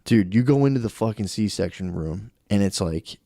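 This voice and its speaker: A man in his thirties co-hosting a podcast, telling a story in casual chat, animated, with lots of swearing and "dude". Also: lowish voice, moderate pace, no room sound, clean studio sound. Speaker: podcast co-host.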